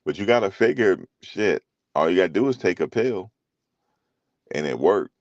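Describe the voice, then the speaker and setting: A man's voice: low-pitched, lively intonation, normal speed, no room sound, lo-fi sound. A middle-aged man talking loosely and casually as a commentary host, rambling through stories with slang and profanity.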